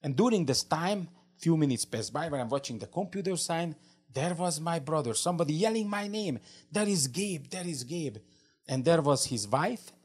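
Animated and a bit fast, with a voice on the high side, a man who speaks English as a second language fervently shares his faith testimony in an interview. He restarts often and repeats words in his broken English.

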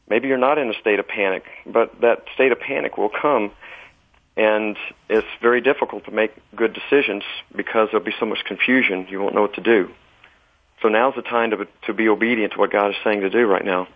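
Male guest, lowish voice, measured earnest delivery, heard over a tinny phone line. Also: steady tone. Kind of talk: religious talk show conversation.

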